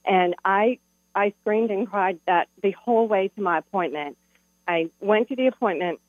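A woman's voice: medium pitch, moderate pace, no echo. Middle-aged lady calling in, emotional heartfelt story, tinny phone line with hum. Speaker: caller. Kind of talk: personal story on a call-in show. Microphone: telephone.

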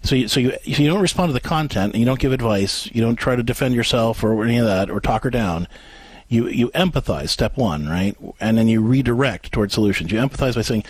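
A man co-hosting a call-in advice show, coaching a caller step by step and acting out gentle example phrases. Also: medium pitch, animated, a little fast, slightly rough, no echo. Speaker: radio advice host.

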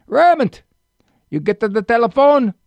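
A man's voice: extremely high pitch, very animated, moderate pace, creaky, a little mellow, no room sound, muffled recording, pitched above the performer's own voice, heavily acted. A man voicing his elderly Italian immigrant grandfather, who speaks with a thick Italian accent and sounds baffled. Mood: calling out. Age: older.

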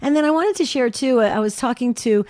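A woman's voice: sits high, animated, darkish tone, no echo, clean studio sound. Chatty woman co-hosting call-in radio. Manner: chatty, rambling storyteller with quick laughs. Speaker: radio show co-host. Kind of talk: Catholic call-in radio chat.

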